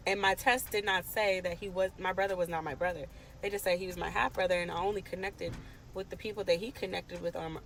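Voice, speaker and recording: A woman's voice: mid-range voice, rough recording. A woman in her late twenties from the Washington DC area pours out a personal story straight to camera. Her delivery is emphatic and impassioned, with a mid-range voice for a woman and faint music in the background. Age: late 20s.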